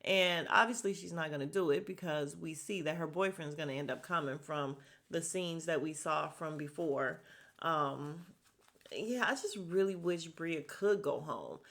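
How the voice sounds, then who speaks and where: A woman's voice: low voice, unhurried. A young woman hosting a podcast, recapping a reality show in blunt, gossipy casual chat and swearing freely. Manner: blunt, gossipy, swears freely, quotes cast members in animated voices.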